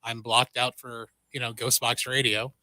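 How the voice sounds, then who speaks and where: A man's voice: medium pitch, little pitch movement, normal speed, sharp tone, no echo. A male co-host on a radio show, chatting casually in the studio and joking at his own expense. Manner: joking, self-deprecating.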